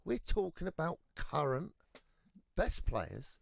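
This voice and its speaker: A male sports radio pundit with a fairly high voice that leaps around with his points. He argues stubbornly and teases the others. The studio mic sounds dry and close. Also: sing-song, takes it slowly, creaky, no room sound. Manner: argumentative, teasing, stubborn. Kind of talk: casual sports radio chat. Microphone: studio microphone.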